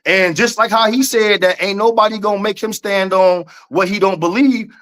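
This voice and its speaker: High-voiced emphatic man debating. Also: fairly even intonation, moderate pace, a bit bright. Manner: emphatic, repeats points, uses slang. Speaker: podcast co-host. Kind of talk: casual debate chat.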